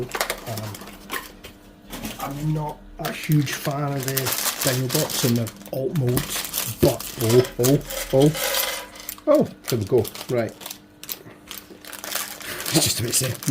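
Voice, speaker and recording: A man with a hoarse, fading voice, muttering to himself and joking at his own expense as he builds toy models. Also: medium pitch, noisy background. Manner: muttering to himself, self-deprecating. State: hoarse, voice going. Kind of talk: casual build commentary.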